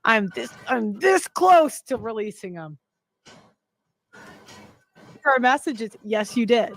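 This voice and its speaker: Sex: woman. Role: panel guest. Style: heated panel discussion. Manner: exasperated, defensive. Pitch: somewhat high. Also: big pitch swings, slow pace, creaky, a bit bright.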